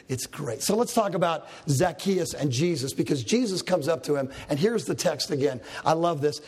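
In his sermon, a pastor animatedly narrates Bible stories and voices the characters' dialogue. His voice is on the high side for a man.

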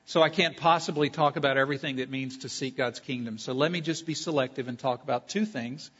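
A man preaching a sermon as a pastor at a church service. He talks emphatically, builds long spoken lists and slows down on key phrases. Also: mid-range voice, fairly bright tone, husky, muffled recording.

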